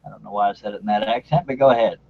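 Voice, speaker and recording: A man's voice: on the low side, fairly even intonation, racing, vocal fry, a little hiss or hum. A man hosting a casual live video-call stream, joking and laughing as he introduces guests. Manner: joking, laughing, chatty, uses "y'all". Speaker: host. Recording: dull lo-fi stream audio.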